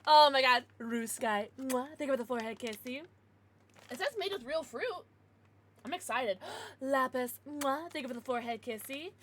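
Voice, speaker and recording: A woman's voice: sits high, moderate pace, fairly bright tone, slight background noise. A woman livestreaming, chatting casually with her viewers in a bubbly, giggly way with playful baby-talk asides.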